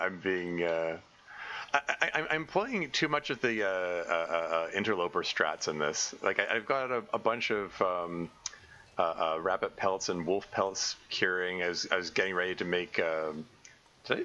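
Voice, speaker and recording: A man's voice: deep voice, expressive, moderate pace, bright, forceful tone. A man casually commenting on a survival game during a live stream, rambling and often restarting his sentences. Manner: rambling, self-correcting, frequent stammered restarts. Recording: slightly dull lo-fi mic with faint noise.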